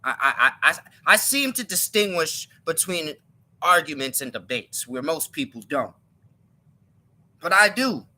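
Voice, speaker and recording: Bright-voiced man ranting on a live stream. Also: a little high, sing-song, a little slow. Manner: emphatic, repeats and restarts words. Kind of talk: live-stream opinion monologue.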